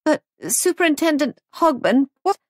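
A woman voicing an anxious young wife who runs a guest house, raising her voice higher and speaking in a worried, plaintive way. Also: expressive, moderate pace, no echo, studio quality. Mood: fretful.

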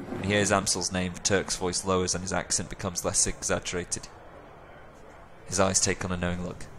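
Low, gravelly man reading game text. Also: monotone, a little fast, background noise. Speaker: let's play host. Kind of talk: reading game narration aloud.

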